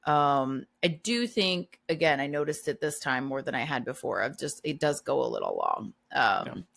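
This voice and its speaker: A woman's voice: a bass voice, very animated, normal speed, vocal fry, a bit bright. A woman co-hosting a casual movie podcast, easygoing and agreeable, laughing often. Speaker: podcast co-host. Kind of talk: casual chat.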